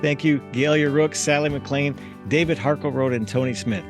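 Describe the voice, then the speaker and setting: A man hosting a local panel talk show, brisk and upbeat as he keeps the discussion on time. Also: medium pitch, soft background music. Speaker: host.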